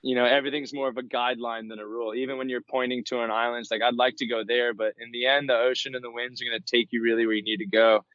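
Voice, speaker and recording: A man's voice: medium pitch, little pitch movement, rapid-fire, few pauses, dry recording. A man from Florida tells his travel story as a podcast guest, and he acts out the people he quotes with real energy. His voice sits in the middle range. The recording is dry and a little muffled. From Florida, USA. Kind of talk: storytelling interview. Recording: dull, dry podcast mic.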